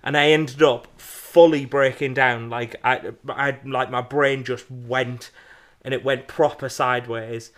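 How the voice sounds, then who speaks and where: A man's voice: mid-range voice, fairly even intonation, measured pace, fairly bright tone. A man co-hosting a podcast, telling a personal story in a rambling, casual way with lots of fillers. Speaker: podcast co-host. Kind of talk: casual chat.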